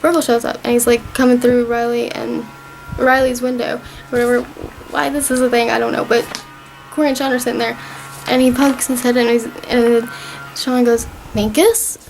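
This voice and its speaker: A woman's voice: fairly high pitch, little pitch movement, moderate pace, vocal fry, a little mellow, a little hiss or hum, rough recording. A young woman vlogger casually recapping a TV season, rambling and gushing as she retells scenes.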